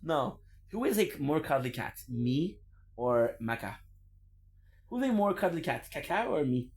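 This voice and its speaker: A man's voice: medium pitch, darkish tone. A young adult man chatting casually on a gaming stream, rambling and playful, laughing often.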